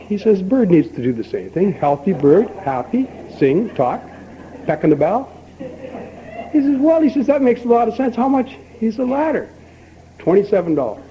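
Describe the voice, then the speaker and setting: An older man speaking at a recovery meeting, telling a long folksy joke and acting out both characters with lively emphasis. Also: sits high, normal speed. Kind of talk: storytelling talk at a recovery meeting. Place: meeting hall. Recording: dull lo-fi archival tape with faint hiss.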